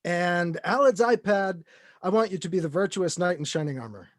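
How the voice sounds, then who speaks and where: Un hombre modera un panel de convención por videollamada, de forma juguetona, dando indicaciones a los demás. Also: male voice, high voice, moderate pace, dry recording, clean studio sound. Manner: playful, directing others. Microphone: video call.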